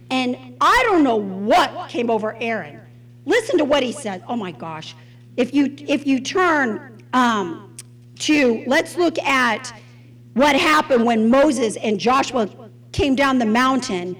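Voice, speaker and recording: Woman Bible teacher, high-pitched and very lively, conversational and expressive. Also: a little slow, slight background noise, poor audio. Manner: expressive and conversational, asks the audience questions.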